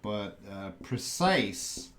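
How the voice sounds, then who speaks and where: A man from Canada teaching English on a live stream, answering viewers' chat questions patiently and slowly with many pauses. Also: fairly low pitch, very animated, a bit bright, slight background noise. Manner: slow, patient, repeats student names and pauses with uh; drinks tea while talking to the camera.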